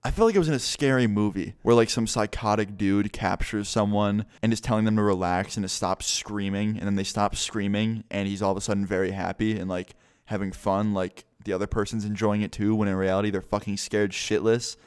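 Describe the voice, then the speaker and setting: Smooth-voiced young man telling a story. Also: fairly low pitch, little pitch movement, fairly quick, few pauses. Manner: casual, swearing, rambling with "like" fillers. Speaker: vlogger. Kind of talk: storytime vlog.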